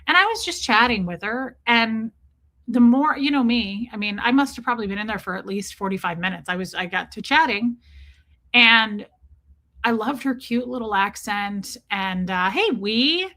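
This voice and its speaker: A woman hosting a livestream, telling a story in a chatty, animated way while greeting her chat. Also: a little high, normal speed. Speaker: livestream host.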